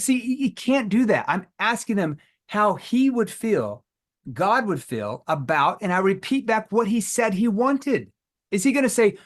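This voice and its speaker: A man's voice: high-pitched, very animated, a little slow. A man teaching a live virtual sales training, asking the audience rhetorical questions and acting out sales calls in role-play.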